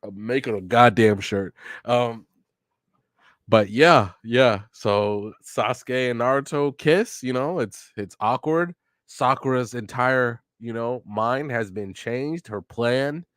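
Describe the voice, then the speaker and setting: A man's voice: mid-range voice, slow, no room sound, studio quality. A young man hosting a podcast, reading a manga aloud and reacting to it in casual, joking, profane commentary with bursts of laughter. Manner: joking and profane, with sudden loud laughing outbursts.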